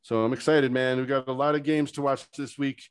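A man co-hosting a casual sports podcast, excitable and rambling, going off on tangents with hype talk. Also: medium pitch, brisk, smooth, no echo, low-quality recording. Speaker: podcast co-host.

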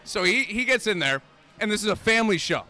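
A man's voice: high-pitched, lively intonation, fast talker, sharp tone. A man and comedian chatting on a podcast, telling rambling stories with restarts and laughs. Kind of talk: casual chat, storytelling.

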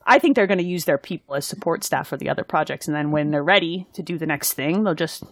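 In a casual chat, a podcast co-host teases and laughs often. Her voice is low-pitched and quick, recorded with clean studio sound and no room echo.

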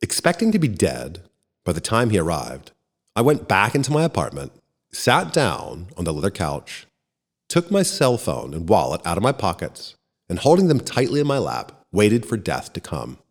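Low-voiced man reading a story. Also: wildly swooping pitch, moderate pace. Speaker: narrator. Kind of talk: first-person story reading. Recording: long reverb.

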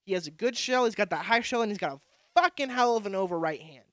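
Brash, crude young man with a bright voice. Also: high-pitched, lively intonation, fast, no room sound, clean studio sound. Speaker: podcast host. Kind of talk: profane casual monologue.

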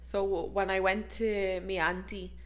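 A woman's voice: medium pitch, level tone, unhurried. Young Irish woman in casual chat. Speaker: podcast co-host.

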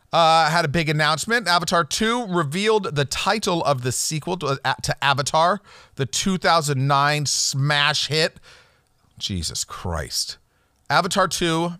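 Brief: male podcast host, bright forceful voice, rambling profane rants, dry close sound. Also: fairly high pitch, no room sound. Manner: rambling, profane, jokey ranting. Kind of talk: solo podcast rant.

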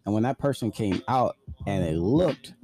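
A man's voice: fairly low pitch, animated, normal speed. A man casually telling a personal story, blunt and profane, full of "like" fillers.

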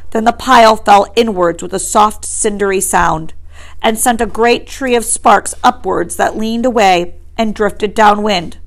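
A woman teacher reads a novel aloud to her students in a steady, mid-pitched voice. She breaks off now and then to quiz the class before reading on. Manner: stops to quiz listeners.

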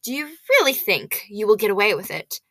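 A woman's voice: medium pitch, big pitch swings, brisk, bright, forceful tone, dry recording. A woman voicing a stern, menacing female teacher who talks in a cold, commanding way.

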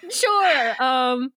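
A woman's voice: sits high, pushed and bright, no echo, clean studio sound. A young woman co-hosting a casual book podcast, laughing often and briefly acting out characters' lines. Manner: giggly, acts out characters in quick voices. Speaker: podcast co-host.

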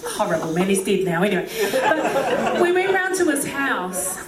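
A woman's voice: fairly high pitch, very animated, moderate pace, a loud crowd. Chatty woman preaching in an echoey hall. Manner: chatty and joking, with many asides. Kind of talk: humorous sermon with storytelling. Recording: echoey hall, distant mic.

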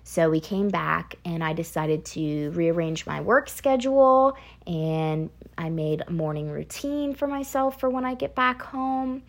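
A woman's voice: lowish voice, unhurried, creaky. A young woman hosting a casual solo podcast, chatty and rambling, laughing often, with a slight picked-up Southern twang. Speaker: podcast host.

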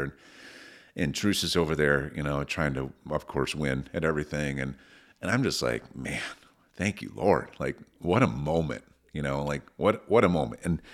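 A man's voice: a bass voice, a bit bright. A middle-aged man co-hosting a parenting podcast, talking in a rambling, earnest way and getting emotional about family moments. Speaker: podcast co-host, father of six. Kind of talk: casual conversation.

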